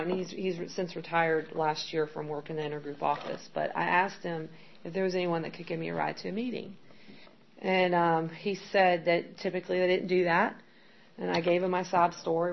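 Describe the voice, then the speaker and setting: Gravelly low-voiced woman giving candid testimony. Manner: candid, rambling with frequent "like" and "um". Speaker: speaker sharing her recovery story. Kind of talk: personal testimony. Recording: dull lo-fi sound with faint background noise.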